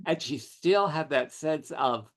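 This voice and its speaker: A middle-aged man, a writer, telling witty anecdotes as an interview guest. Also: on the high side. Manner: witty, animated storytelling with quick asides. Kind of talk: conversational anecdotes.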